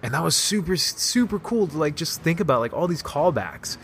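A man casually recapping a video game story, excited and rambling, with lots of "like" and restarts. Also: on the high side, moderate pace, a little hiss or hum. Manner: excited, rambling, heavy use of "like". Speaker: gaming video host.

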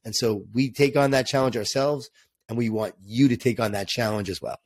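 An upbeat man speaking as a podcast guest, sharing lessons in an inspirational tone. His voice is mid-pitched and recorded dry, with no room echo. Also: steady tone, a little fast. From Long Island, New York. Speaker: co-author and guest. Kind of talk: podcast interview answer.

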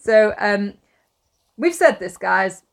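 A woman's voice: medium pitch, expressive, slow pace, vocal fry. Sweary young woman chatting. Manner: blunt, sweary, laughing often. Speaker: podcast co-host. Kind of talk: casual book discussion chat.

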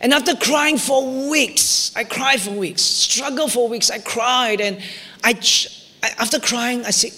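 A middle-aged male pastor preaching a sermon, telling a personal story with swings from near shouts to whispers. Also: extremely high pitch, measured pace, long reverb tail. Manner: emotional storytelling, rising to near shouts in retold prayers, dropping to whispers.

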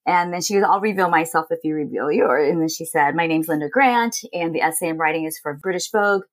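Lively storytelling woman, lowish voice. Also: fast. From Los Angeles. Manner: animated, quotes others in lively voices. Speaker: guest, entrepreneur. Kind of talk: casual storytelling interview.

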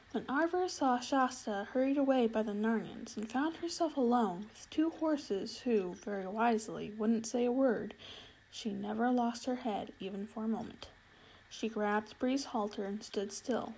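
A woman narrating a storybook chapter in a measured, expressive reading. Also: on the high side, slight background noise, low-quality recording. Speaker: audiobook reader.

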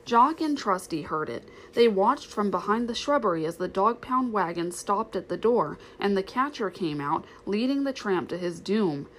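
Woman, storybook reading, expressive, medium pitch, faint background noise. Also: moderate pace, hardly any pauses, rough recording. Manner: expressive, steady. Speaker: reader.

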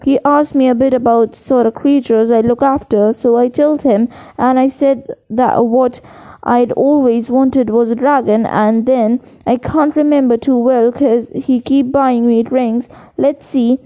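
A woman's voice: fairly high pitch, fairly even intonation, measured pace, lightly acted. A woman reading the lines of a big, easygoing gamekeeper who rambles casually, on a dull lo-fi recording.

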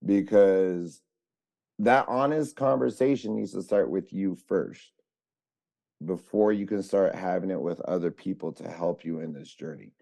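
A man in recovery, a podcast guest, talking in a halting, reflective way with frequent fillers. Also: sits low, gravelly, mellow. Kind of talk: casual conversation.

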